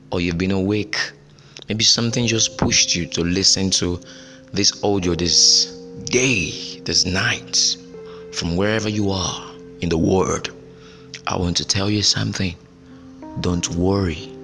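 A man with a low, bright, forceful voice talks straight to the listener and repeats his key lines for emphasis, the way a preacher does. Soft music plays behind him. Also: long reverb tail. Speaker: podcast host. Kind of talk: motivational solo podcast.

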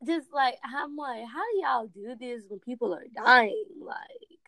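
Woman, young adult, podcast co-host, casual chat, expressive, dry close recording. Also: sits high, measured pace, dry recording. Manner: expressive, laughs a lot.

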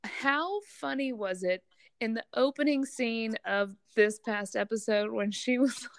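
Bright-pitched woman co-host, casual and giggly, dry close sound. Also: unhurried, no room sound. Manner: chatty, giggly. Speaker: podcast co-host. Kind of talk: casual chat about a TV show.

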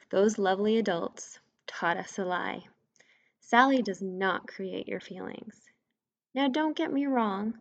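A woman's voice: medium pitch, vocal fry, muffled recording. Woman coaching listeners, direct and emphatic. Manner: direct, conversational, emphatic on key points. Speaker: podcast host, mindset coach. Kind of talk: scripted solo podcast teaching.

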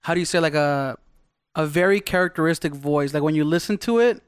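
A man hosting a casual podcast, easygoing and halting, often restarting his sentences. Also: fairly high pitch, smooth, dry recording, studio quality. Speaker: podcast host.

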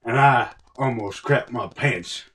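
A man playing a touchy, traumatized male war veteran in an improvised comedy sketch, muttering low and gruff and then breaking into panicked shouts. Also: takes it slowly, recorded from a distance. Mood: gruff, solemn.

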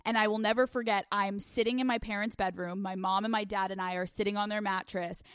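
A young woman hosting a podcast from a couch at home, telling stories in casual, animated chat full of swearing. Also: mid-range voice, fairly quick, clean tone, no echo, clean studio sound. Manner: animated, profane, storytelling. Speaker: podcast host.

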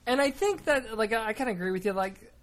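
A woman's voice: on the high side, lively intonation. A woman hosting a casual podcast chat about a video game, talkative and self-deprecating. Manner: chatty, self-deprecating, quick asides. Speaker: podcast host.

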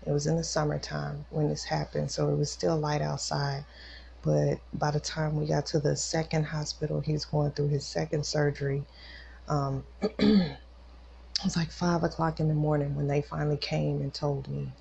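Low, gravelly-voiced woman giving emotional testimony. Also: level tone, moderate pace, mellow. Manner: emotional, talks straight to listeners. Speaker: podcast host, mother. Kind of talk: personal testimony. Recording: dull lo-fi recording with faint noise.

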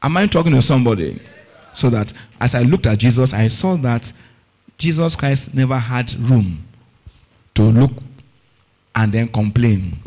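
A man's voice: mid-range voice, expressive, measured pace, pauses often, darkish tone. A man preaching a fervent sermon, often asking the congregation if they are following and repeating key words for emphasis. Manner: call-and-response questioning of the congregation.

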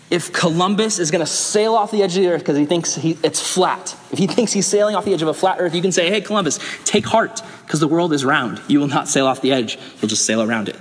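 A young man preaching a youth sermon, telling stories and acting out voices in lively bursts. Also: a little high. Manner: animated storytelling, acts out quoted voices. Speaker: youth pastor. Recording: hall with long reverb.

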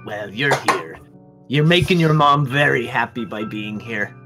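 A man's voice: medium pitch, expressive, unhurried, pushed and bright, soft background music. A man voicing a fussy, doting middle-aged mother in a tabletop game, with a raised, scolding voice. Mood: coaxing.

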